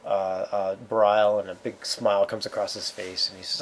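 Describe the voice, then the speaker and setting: A man running a tabletop game as game master, talking in halting bursts full of fillers and restarts. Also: on the low side, level tone, slight background noise.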